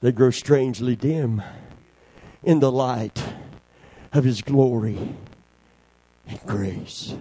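An older man preaching a sermon, swinging from shouted lines to hushed, quiet passages. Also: mid-range voice, takes it slowly, pauses often, slightly rough, dry recording, rough recording.

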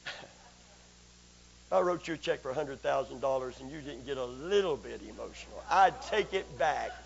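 A man preaching a broadcast sermon, swinging from quiet, low asides to loud, shouted exhortation, asking the congregation for amens. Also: animated, moderate pace, creaky, highs cut off, slight background noise. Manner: rises from low, soft asides to loud, shouted exhortation, constant calls of amen.

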